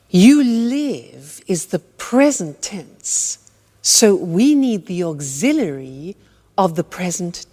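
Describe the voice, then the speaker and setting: A woman teaching English grammar with slow, deliberate explanations, drawing out her example sentences with exaggerated intonation. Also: mid-range voice, a little mellow, long reverb tail.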